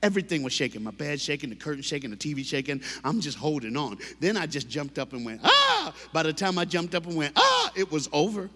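A man, telling funny stories to a church crowd, animated, with loud bursts and acted gasps. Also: a little high, fast talker, hardly any pauses. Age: 50s. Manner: animated, comic, loud bursts and gasping sound effects. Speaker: motivational speaker. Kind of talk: humorous storytelling talk to a church crowd. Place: large church hall. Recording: long hall reverb.

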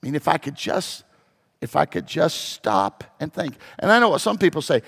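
A man preaching a sermon as pastor, telling a story and moving between hushed and loud, emphatic passages. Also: on the high side, lively intonation, normal speed, creaky, slightly rough. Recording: long hall reverb.

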